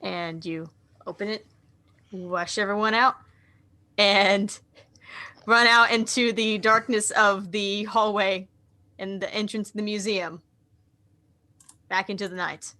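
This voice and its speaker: A woman narrating a live tabletop role-playing game as game master, setting scenes in a measured, descriptive way. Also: mid-range voice, fairly even intonation, sharp tone.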